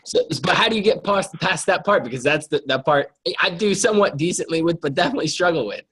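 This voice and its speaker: A man with a husky voice banters and pushes back from a distance. He sounds off-mic, and his voice is a little high. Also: lively intonation, quick pace, fairly bright tone. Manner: joking, pushing back. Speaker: recruiter colleague. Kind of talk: casual banter.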